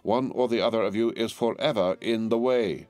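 A man's voice: lowish voice, moderate pace, a little mellow, faint music behind, pitched above the performer's own voice, close to an everyday voice. A man reading an audiobook, voicing a cold, haughty aristocratic marquis in a disdainful, imperious manner. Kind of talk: audiobook character voice.

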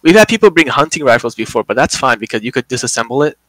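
A young man hosting a podcast, telling a work story in casual, animated chat, swearing a lot and acting out quotes. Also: medium pitch, quick pace, crowd noise, rough recording.

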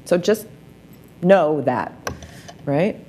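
A woman's voice: sits low, animated, extremely slow, dark tone, a little hiss or hum. A woman presenting a wellness workshop, coaching listeners through practices with frequent rhetorical questions. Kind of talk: guided practice talk.

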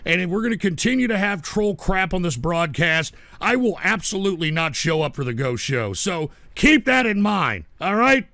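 High gravelly male stream host, exasperated and scolding, bursts into shouting; dry close mic. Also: very animated, normal speed, hardly any pauses, dry recording. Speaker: livestream radio host. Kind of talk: live call-in stream, reading super chats.

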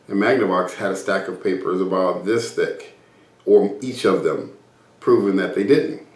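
A man speaking as a motivational business speaker. He tells a personal story and acts out remembered conversations, with frequent restarts. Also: on the low side. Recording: roomy, distant mic.

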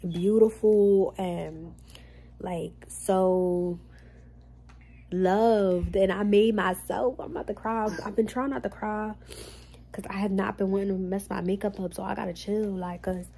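A woman's voice: mid-range voice, fairly even intonation, measured pace, gravelly, mellow, a little hiss or hum. A young woman talking casually to her camera in a vlog, rambling with lots of fillers, slightly sick with a cough. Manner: rambling, fillers like "like", addresses viewers as y'all. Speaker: vlogger.

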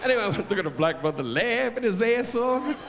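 An older man doing live insult stand-up on a theater stage, loud and brash as he barks jabs at the audience. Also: sits high, sing-song, brisk, in a large hall. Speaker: insult comedian. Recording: live theater show, loud crowd and noise. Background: loud audience laughter.

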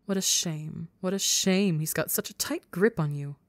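A woman doing a hushed sinister spirit. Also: fairly low pitch, normal speed, dry recording, close to an everyday voice. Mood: coaxing. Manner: hushed, syrupy whisper in the ear. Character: sinister female spirit, soft and coaxing. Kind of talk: whispered role-play.

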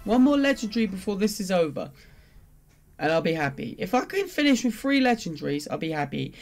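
An excitable gamer reacts out loud while opening loot boxes, swinging between glum muttering and sudden shouts. The voice sits in a middle pitch and bounces around a lot. Faint game music plays underneath. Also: brisk. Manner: complains and pleads at the game. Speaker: gaming video creator.

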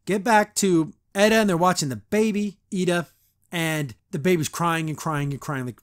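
A man's voice: sits high, normal speed. A man hosting a podcast, casually recapping a cartoon episode, rambling with lots of "like" and acting out the lines he quotes. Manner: rambling, full of "like", acts out quotes.

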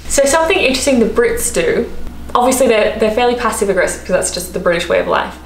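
A woman's voice: a little high, fairly quick. Chatty Australian woman vlogging. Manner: chatty, animated, laughing often. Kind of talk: casual vlog chat to camera. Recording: echoey room, faint background noise.

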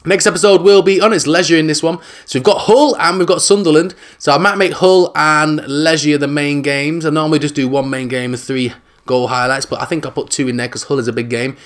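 A man with a fairly high voice talks casually over his football video game. He is jokey and excitable, and he yells when a chance or a goal comes along. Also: a little fast. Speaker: gaming YouTuber. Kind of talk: casual gameplay commentary.

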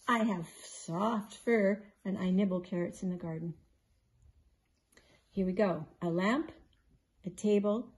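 Older woman, grandmother reading a bedtime riddle book, unhurried and playful, hums between clues. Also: mid-range voice, slight background noise. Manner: slow, gentle, playful quizzing with hums.

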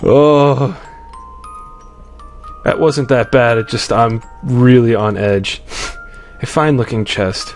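A man's voice: mid-range voice, slow pace, pauses often. A man commentating on a horror game, jumpy and swearing often as he reads the game's text aloud. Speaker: let's play commentator. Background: game music.

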